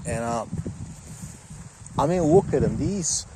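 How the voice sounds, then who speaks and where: A man rants to the camera in a loose, rambling way with a sarcastic, mocking edge. His voice sits at an everyday middle pitch for a man. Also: animated, slow pace, heavy background noise. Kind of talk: casual rant to camera.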